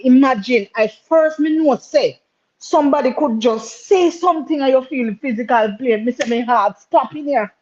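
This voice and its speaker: A woman's voice: high voice, a little mellow. A woman with a Jamaican accent, co-hosting a casual live-stream chat and telling stories in patois, often repeating her words. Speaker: co-host. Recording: dull lo-fi stream audio.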